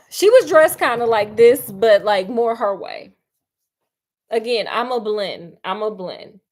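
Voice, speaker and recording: Sassy woman retelling a movie plot, slightly high voice, super chatty, keeps saying honey. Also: lively intonation, slow pace, a little mellow. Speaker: storyteller. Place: at home doing crafts.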